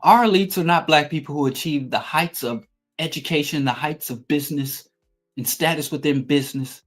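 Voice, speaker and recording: A man's voice: a little high, moderate pace, fairly bright tone. A middle-aged man hosting a talk show, delivering an emphatic, profane political monologue. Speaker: podcast host.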